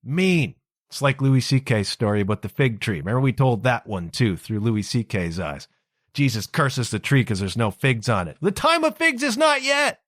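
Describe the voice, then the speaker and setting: A man hosts a podcast and tells a story in a casual, irreverent way. His pitch swings widely as he speaks. The recording is close and dry. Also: no room sound. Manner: animated, irreverent, conversational. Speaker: podcast host.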